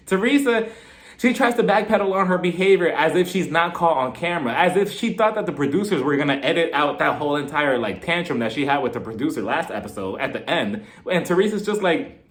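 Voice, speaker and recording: A man giving a casual, sassy review of a reality show, animated and laughing often. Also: fairly high pitch, a little fast. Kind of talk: casual vlog commentary.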